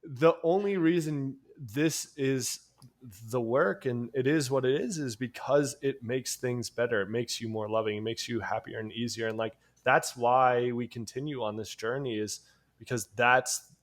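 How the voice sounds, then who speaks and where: A man with a New York accent talks casually as a podcast co-host. He has a mid-range pitch and rambles through stories, laughing often and swearing now and then. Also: normal speed. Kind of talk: casual chat.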